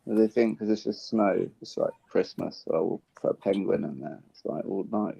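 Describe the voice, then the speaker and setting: A man's voice: low voice, moderate pace, gravelly, warm tone, slightly rough. A man making dry, wry remarks in casual streamed chat. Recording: dull lo-fi mic.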